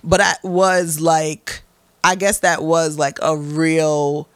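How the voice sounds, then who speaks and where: A woman's voice: low-pitched, slow, no room sound. A young woman guest in an interview, speaking candidly and bluntly with profanity, acting out quotes as she tells her stories. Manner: blunt, profane, animated storytelling with acted-out quotes.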